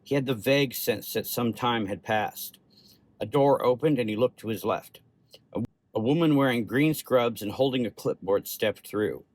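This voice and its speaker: A man narrating a horror short story in a steady, measured way. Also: medium pitch, no room sound.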